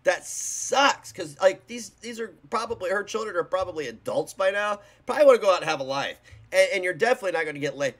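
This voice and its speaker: A man's voice: high voice, expressive, quick pace, fairly bright tone. A man hosting a reaction video, giving casual commentary in a rambling, blunt and mocking way.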